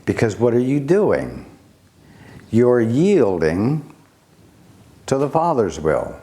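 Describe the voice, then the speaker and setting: A man giving a spiritual teaching talk, speaking deliberately with long pauses and rhetorical questions. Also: mid-range voice, sing-song, mellow.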